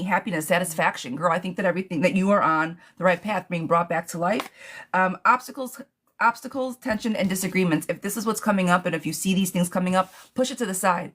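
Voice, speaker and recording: A woman's voice: medium pitch, fairly bright tone. A woman giving a chatty live tarot reading, calling viewers darling and girl as she answers their questions. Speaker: tarot reader.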